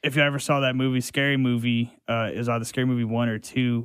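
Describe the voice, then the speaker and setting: A man sits in as a guest on a local talk radio show and tells rambling, joking stories full of fillers. His voice is at a middle pitch for a man. The studio sound is dry and close. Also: little pitch movement, fast talker, hardly any pauses, a bit bright, clear, resonant tone, no echo. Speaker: restaurant guest. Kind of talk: casual radio chat.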